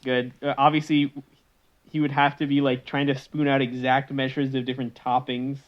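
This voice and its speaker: A man's voice: mid-range voice, level tone, normal speed. A man co-hosting a podcast in casual chat, loose and laughing, sometimes slipping into goofy voices. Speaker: podcast co-host. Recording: slightly dull lo-fi mic.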